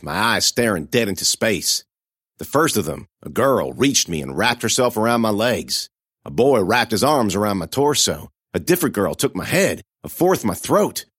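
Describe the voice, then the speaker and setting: A man reads a first-person horror story in a dramatic, expressive style. His low voice moves widely in pitch, and the recording is dry and close with no room sound. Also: no room sound.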